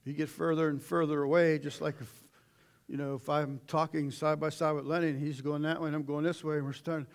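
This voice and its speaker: Folksy preacher man, slightly high voice. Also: fairly quick, clean tone. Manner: folksy, animated, with sudden shouted asides. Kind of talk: sermon.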